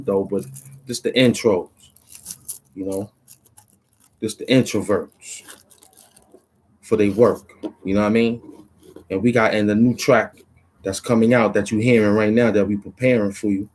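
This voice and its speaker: A man's voice: lowish voice, a little mellow, poor audio. A man, a rapper, talking in a loose, rambling monologue full of street slang and "you know what I'm saying", in a small cramped room.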